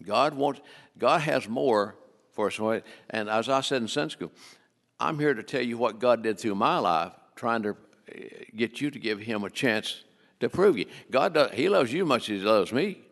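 A man's voice: medium pitch, animated, normal speed, a bit bright, long reverb tail. An older man preaching a folksy, joking sermon on giving in a church, full of restarts. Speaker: guest preacher. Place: church sanctuary.

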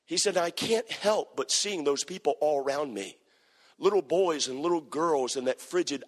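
A man preaching a sermon, telling a story with impassioned, repetitive phrasing that builds to near-shouted climaxes. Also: a little high. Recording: long hall reverb.

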